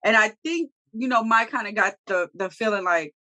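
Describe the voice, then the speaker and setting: Speaking at normal speed in a mid-range voice, a woman co-hosts a relaxed TV recap conversation. She walks through the episode's scenes in a blunt, slangy way, animated and full of profanity.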